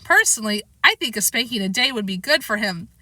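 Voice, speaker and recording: A woman's voice: fairly high pitch, lively intonation, fairly quick, bright, forceful tone, dry recording, heavily acted. A woman voicing a sarcastic preteen boy who teases his little brother in a read-aloud storybook. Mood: teasing. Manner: sarcastic, teasing.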